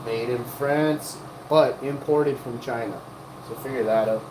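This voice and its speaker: A woman's voice: rumbling low, measured pace, background noise. A woman hosting a livestream, rambling and joking as she teases people in the chat. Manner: rambling, joking, teasing chatters. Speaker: livestream host. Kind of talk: rambling live-chat banter.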